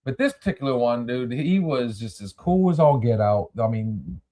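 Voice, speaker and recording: A man's voice: medium pitch, expressive, moderate pace, mellow. A male podcast host spinning a story in loose, casual chat. His voice swings widely up and down as he gets worked up, and he swears freely and trips into restarts while he talks.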